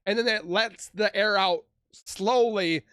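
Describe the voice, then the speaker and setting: A man hosting a reaction video, chatting casually and blurting quick reactions to what he watches. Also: high voice, a bit bright, clean tone. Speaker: reaction channel host.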